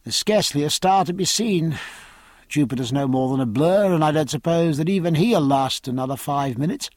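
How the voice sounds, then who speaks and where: A man's voice: fairly high pitch, expressive, moderate pace, no echo, clean studio sound. A man voicing a bellowing sea captain. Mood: dry, firm. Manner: bellowing hails over the noise. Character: commanding male sea captain, forceful.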